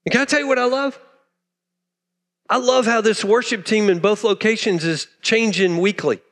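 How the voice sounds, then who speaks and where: A male pastor preaching a sermon to his church, impassioned, swinging between loud declarations and hushed asides. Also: sits high, normal speed. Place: church sanctuary. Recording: long reverb of a church hall.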